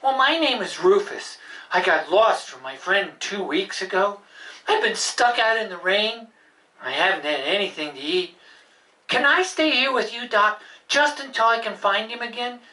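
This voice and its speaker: Lady doing a sad lost little puppet pup, pleading, bright voice, sounds a bit far off. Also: medium pitch, animated, normal speed. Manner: pleading, meek. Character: lost, sad little brown dog with red nose. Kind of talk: live puppet show.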